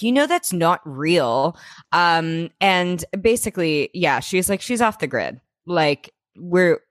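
A woman's voice: lowish voice, no echo, clean studio sound. A young woman co-hosting a podcast, giggly and profane as she recaps a TV episode in casual chat. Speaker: podcast co-host.

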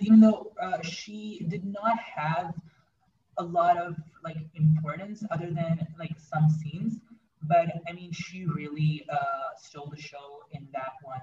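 Hesitant male film reviewer, fairly high voice, distant dull recording with faint hiss. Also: darkish tone, echoey room. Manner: hesitant, many fillers and restarts. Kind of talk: casual film discussion.

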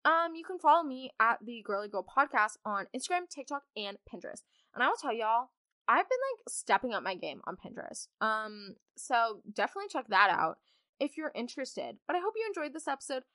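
A woman's voice: on the high side, very animated, brisk, pushed and bright, dry recording, clean studio sound. A young woman hosting a podcast, chatting in a bubbly, rambling way full of asides. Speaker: podcast host. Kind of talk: casual storytime chat.

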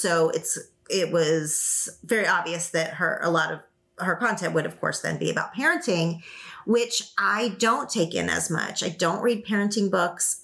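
A woman's voice: fairly low pitch, pushed and bright. A woman hosting a podcast, talking in a thoughtful, conversational way. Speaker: podcast host. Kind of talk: casual book chat.

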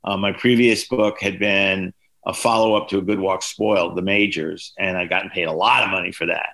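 A man in his sixties tells story after story as a podcast guest, his voice lowish but bright and forceful. He acts out the people in his anecdotes, jumping up in pitch for their lines. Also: a little fast, creaky. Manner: lively anecdotes, voices quoted people with big pitch jumps. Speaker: author and guest.

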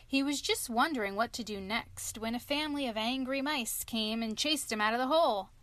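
A woman narrating a children's storybook aloud in a clear, expressive reading. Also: on the high side, fairly quick, dry recording.

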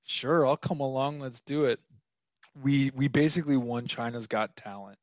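A man's voice: mid-range voice, moderate pace, dry recording, muffled recording. Laid-back young man telling stories. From Minnesota. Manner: laid-back, slangy, animated storyteller. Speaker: podcast guest. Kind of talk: casual storytelling interview.

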